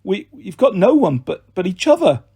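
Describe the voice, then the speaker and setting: A frightened but sharp-tongued teenage girl, defiant and sarcastic, her voice lifting a touch higher. Her words carry a faint husky grain, as a man reads her part in a storybook. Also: very animated, moderate pace, exaggerated voice.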